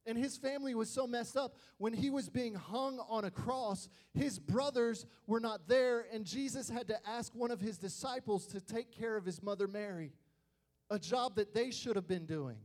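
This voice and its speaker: This young man preaches to youth at a moderate pace in a high-pitched voice. As a youth pastor, he livens up personal family anecdotes by performing the voices of the people in them.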